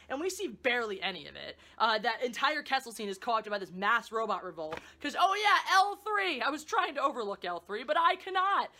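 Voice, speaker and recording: Sarcastic woman tearing apart a movie, high voice, swears a lot. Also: pushed and bright. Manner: profane, sarcastic, exasperated. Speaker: movie reviewer. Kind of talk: ranting film review.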